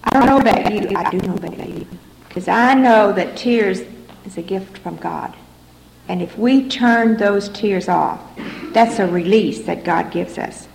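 Slow, gravelly woman sharing her story. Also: mid-range voice. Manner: earnest, repetitive storytelling. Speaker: recovery meeting speaker. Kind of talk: personal testimony to an audience. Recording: echoey room recording, faint background noise.

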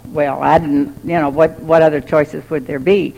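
A woman's voice: low voice, steady tone, moderate pace, vocal fry, mellow, slight background noise, rough recording. A woman giving a candid personal testimony, often laughing as she talks. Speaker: speaker sharing her recovery story.

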